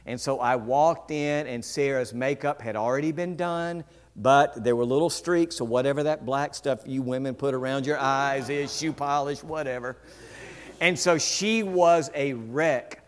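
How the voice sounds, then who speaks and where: Male preacher, mid-pitched voice, lively storytelling sermon. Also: unhurried. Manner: animated, acts out quoted voices with big pitch jumps. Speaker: pastor.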